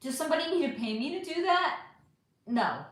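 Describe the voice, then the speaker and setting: Middle-aged woman, livestream host, lively pitch swings, blunt and sarcastic, roomy echo. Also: a little fast. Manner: animated, blunt, sarcastic with commenters. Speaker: livestream host reading chat. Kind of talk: casual livestream chat. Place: home room.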